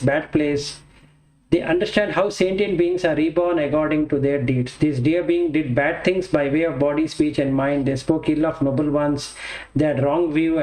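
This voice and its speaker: A man teaches from an old Buddhist scripture, his voice sitting a little high. He talks slowly, pausing and correcting himself as he explains. The room around him rings with echo. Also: a little mellow. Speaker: dharma teacher.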